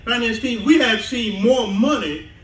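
Extremely high-pitched and a little slow, this man preaches as a pastor in a church sanctuary, laughing often and drawing call-and-response from his congregation. He's from the southern United States, and a distant mic in the echoey church hall captures him.

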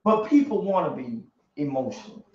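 A man's voice: on the high side, big pitch swings, normal speed, mellow. A man preaching at a Bible study in a colloquial, emphatic style, often laughing as he makes his points. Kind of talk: sermon. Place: church room. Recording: echoey distant lo-fi church recording.

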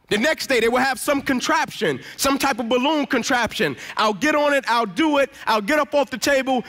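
A man with a very high, bright, ringing voice delivers a motivational sermon in a church. He tells his story emphatically, dropping into quieter tones to act out the other people in it. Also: brisk, few pauses. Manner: emphatic storyteller, acts out quoted dialogue. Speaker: guest speaker.

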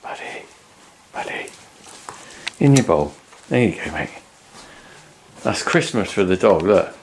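A man's voice: deep voice, lively intonation, measured pace. A man hosting a casual cooking vlog at home, chatty and jokey as he bosses the kids along. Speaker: host. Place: home kitchen. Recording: noisy home recording.

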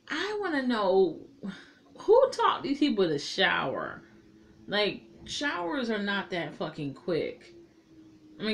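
A woman recapping a TV episode in a casual, animated way, swearing often and talking back to the characters. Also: on the low side, a little hiss or hum. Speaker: TV episode reviewer.

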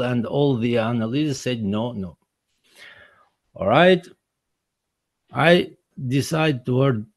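A man who makes documentaries, giving a personal account in a presentation in halting, non-native English full of restarts and repeated words. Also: mid-range voice, a little mellow, dry recording. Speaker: documentary filmmaker presenting his work.

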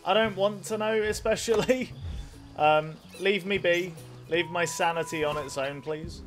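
A man's voice: high-pitched, a little slow, soft background music. A young man with a nasal voice streaming a video game, chatting casually with his chat, swearing freely and rambling while he plays. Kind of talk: casual let's play commentary with chat.

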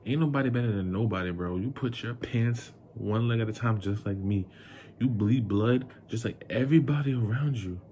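Speaking directly to the camera, a young vlogger from New York rants with heat and indignation about a breakup. The voice is mid-range, mellow, and moderately paced, with a little hiss or hum.

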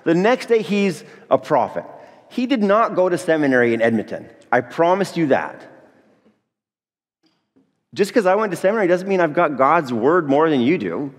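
Male pastor, sermon, animated joking delivery, fairly high voice, long church-hall reverb. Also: normal speed. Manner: lively, joking, talks to the congregation directly. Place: church sanctuary.

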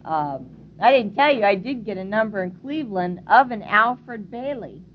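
A woman's voice: mid-range voice, normal speed. Chatty woman on dull, hissy tape. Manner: chatty, relaxed, with fillers. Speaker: meeting chair introducing the speaker. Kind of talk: casual introduction. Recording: dull lo-fi tape with faint hiss.

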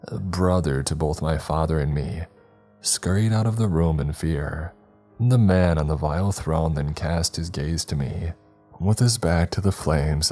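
A man giving a grave, measured, scripted horror narration. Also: rumbling low, darkish tone.

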